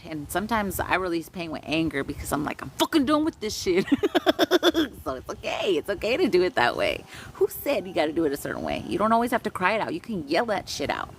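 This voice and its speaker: A woman's voice: fairly low pitch, big pitch swings, fast talker, slight background noise. A woman leading a live-streamed energy healing session, who chants long strings of invented syllables and then talks loosely and frankly to her viewers, with some swearing. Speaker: spiritual healer.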